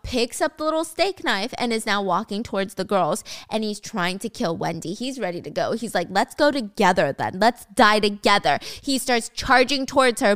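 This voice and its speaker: A woman's voice: mid-range voice, fairly bright tone, clean tone, dry recording. A young woman casually retelling a drama story, chatty with sarcastic asides, on a close mic. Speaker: drama recap narrator.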